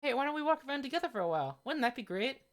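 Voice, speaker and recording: A woman's voice: high voice, sing-song, rapid-fire, pitched above the performer's own voice. A woman voicing a cheerful young woman at a fair, reading game dialogue aloud in a sweet, girlish manner.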